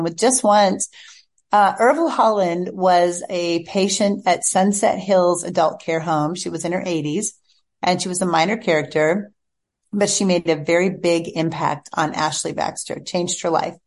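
A woman author tells a personal story in an interview, earnest and heartfelt. Her voice sits low for a woman. She talks in a chatty way, full of little fillers. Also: a little mellow. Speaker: author guest.

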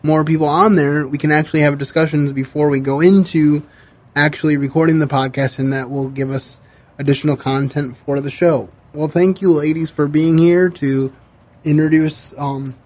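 Chatty podcast host man, fairly high. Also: fairly even intonation, a little mellow. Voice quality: emotional, halting with fillers and restarts. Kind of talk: casual book-club chat. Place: studio.

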